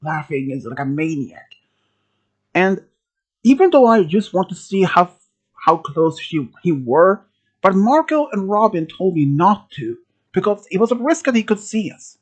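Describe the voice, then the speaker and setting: A storyteller from Sweden telling a first-person horror story, halting, with restarts and phrasing. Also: mid-range voice, very animated. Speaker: channel host telling a story.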